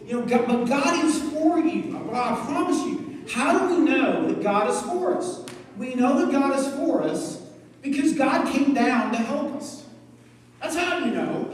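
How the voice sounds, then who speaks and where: A man's voice: extremely high pitch, recorded from a distance, a little hiss or hum. A man preaching to students, telling stories with jokes and asides. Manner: animated storytelling with jokes and asides. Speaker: youth pastor. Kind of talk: youth sermon. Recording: echoey hall, mic from afar.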